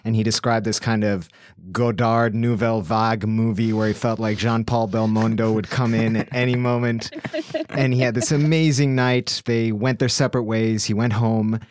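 A man's voice: fairly low pitch, flat delivery, normal speed, a little mellow, no room sound. A man co-hosting a podcast, narrating his segment and chatting playfully with frequent laughter. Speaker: podcast co-host. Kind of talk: casual chat and scripted narration.

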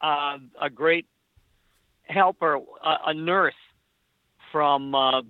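A man's voice: fairly high pitch, no room sound. Man on a dull lo-fi line. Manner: halting, repeats words, laughs often. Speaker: author and guest. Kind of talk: casual conversation.

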